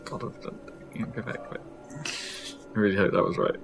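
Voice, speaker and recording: A man's voice: lowish voice, fairly even intonation, moderate pace, gravelly, over music. A man playing a puzzle game and chatting casually, joking around and muttering nonsense sounds while he thinks. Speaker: player of the game. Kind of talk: casual gameplay chat.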